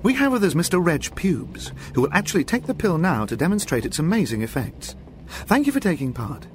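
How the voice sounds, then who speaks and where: A man's voice: a little high, very animated, fairly quick, a little hiss or hum. Mock-earnest male reporter. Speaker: interviewer. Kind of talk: comedy sketch, mock report.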